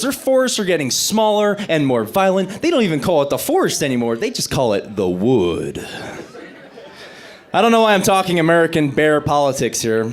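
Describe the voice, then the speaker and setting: A young man doing a stand-up comedy set on stage, delivering dry punchlines between lively bits. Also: fairly high pitch.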